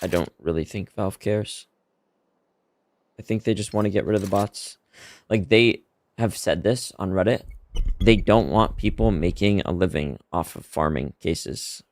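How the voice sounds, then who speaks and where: A man streaming a shooter game live, chatting casually about updates and reacting loudly to the play. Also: low-pitched, measured pace. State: hiccuping. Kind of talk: casual live-stream commentary while gaming.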